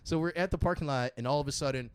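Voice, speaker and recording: A man's voice: on the high side, very fast, clean tone, dry recording. A young man telling a funny story in casual podcast chat, laughing often as he goes. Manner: animated storyteller, laughing through anecdotes.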